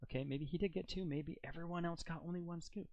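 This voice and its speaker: A man's voice: fairly high pitch, fairly even intonation, fast, darkish tone, no echo, low-quality recording. A man giving casual video commentary, rambling with fillers and mocking rhetorical questions. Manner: incredulous and mocking. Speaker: political commentator.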